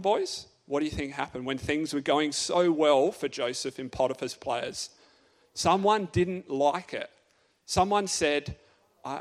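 A man delivers a sermon to young people as an unfolding story. He keeps it playful, often pausing to ask his listeners questions. His voice sits a little higher than most men's. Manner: playful, asks the audience many questions. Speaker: youth speaker. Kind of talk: lively storytelling sermon to youth.

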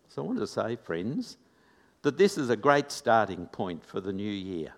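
A man preaching a sermon in a slow, reflective, measured way. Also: fairly low pitch, very animated. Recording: long reverb of a large hall.

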